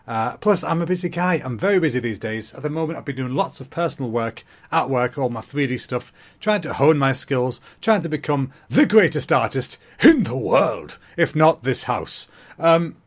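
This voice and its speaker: Fast-talking man, fairly high voice. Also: lively intonation. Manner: talks quickly, self-mocking asides. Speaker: comedy podcast host. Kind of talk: rambling comic monologue.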